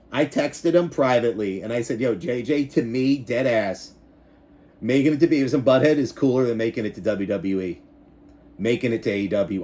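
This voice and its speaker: A man in his forties talks straight to camera in a casual vlog, rambling and swearing freely. His pitch swings widely as he gets worked up, and he keeps circling back to the same points with a hyped, excitable energy. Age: 40s. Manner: animated, rambling, profane, hyped. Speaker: YouTuber and backyard wrestling show host.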